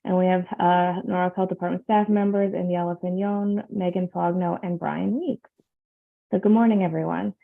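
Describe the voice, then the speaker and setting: Woman meeting chair with some vocal fry, measured and filler-heavy, heard over a tinny video-call line. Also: fairly low pitch, steady tone.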